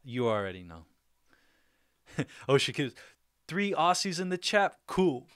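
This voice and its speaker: A man's voice: on the high side, sing-song, a little slow, fairly bright tone, clean tone, no room sound, clean studio sound. A young man hosting a livestream, chatting casually and upbeat, laughing often as he reads out viewer comments. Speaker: livestream host.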